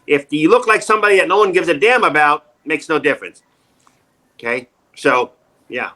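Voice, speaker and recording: A middle-aged man with a New York accent, telling jokey stories in a casual interview, animated and wisecracking. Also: a little high, normal speed. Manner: animated, wisecracking, jumps into quoted voices. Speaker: actor and comedian, interview guest. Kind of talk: casual interview, joking storytelling.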